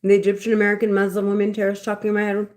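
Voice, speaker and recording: Agitated woman in rapid repeated bursts. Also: monotone, a little mellow. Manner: agitated, repetitive, swings between fast bursts and low mutters. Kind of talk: casual monologue to camera.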